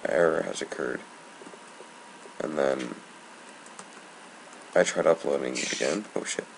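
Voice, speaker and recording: A man's voice: low voice, gravelly. A young man giving casual, annoyed gameplay commentary, rambling and swearing. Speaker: gamer. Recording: noisy home recording.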